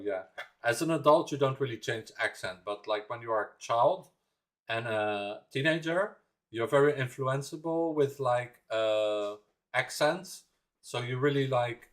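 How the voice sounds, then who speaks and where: A man from the Netherlands with a Dutch accent, speaking English as a second language and chatting casually on a reaction livestream, rambling with many fillers. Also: medium pitch. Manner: rambling, with frequent fillers and restarts.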